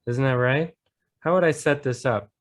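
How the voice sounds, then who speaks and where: In an online tutoring lesson, an American math teacher patiently thinks aloud step by step and encourages his student. His voice is medium in pitch, at a moderate pace.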